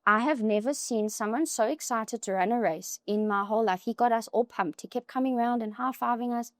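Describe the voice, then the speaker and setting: Young woman, guest storyteller, lively and chatty, dry close sound. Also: on the high side, brisk, no room sound. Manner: animated, with many "like" fillers. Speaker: podcast guest. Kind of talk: emotional personal storytelling.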